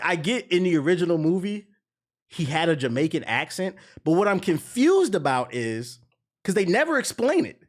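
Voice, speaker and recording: A young man streamer ranting in casual, profane commentary, now and then mocking voices. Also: high-pitched.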